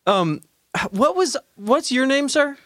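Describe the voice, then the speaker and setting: A man co-hosting an improvised comedy show, playing it clueless and lively. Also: extremely high pitch, takes it slowly, no echo, studio quality. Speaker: co-host.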